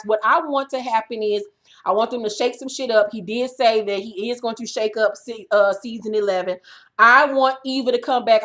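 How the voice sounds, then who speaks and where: A woman's voice: a little high, fairly bright tone. A woman vlogger recapping reality TV in a brash, profane, trash-talking rant.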